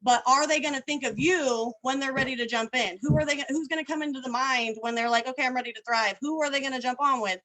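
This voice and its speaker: A woman on a video call talking fast and excitedly, full of slang and energy. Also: sits high, low-quality recording. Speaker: team leader guest. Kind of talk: casual video call chat.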